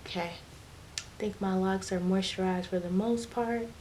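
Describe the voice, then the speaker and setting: A woman's voice: mid-range voice, fairly even intonation, normal speed, darkish tone, reverberant, a little hiss or hum. A woman vlogger chatting casually and encouragingly to her viewers as she shows a hair routine. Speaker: beauty vlogger. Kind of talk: casual how-to chat.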